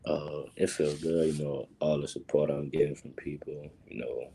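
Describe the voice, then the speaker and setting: A man's voice: rumbling low, steady tone, moderate pace, mellow, breathy edge. A teenage boy from New Orleans with a New Orleans accent, giving short, laid-back answers in a casual interview. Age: teens. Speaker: basketball recruit.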